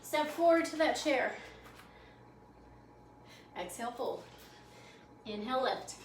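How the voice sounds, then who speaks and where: A woman's voice: high voice, animated, slow. A woman yoga instructor calling out poses in a guided class, upbeat, playful and encouraging, slightly out of breath. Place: library program room. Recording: echoey room, mic at a distance, faint noise.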